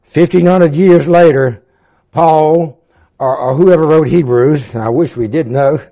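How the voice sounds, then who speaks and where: A man of seventy-four preaching a sermon with fervor, swinging from loud emphasis to hushed reflection and quoting old-fashioned scripture. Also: a little high, a little slow. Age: 70s. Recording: dull lo-fi recording.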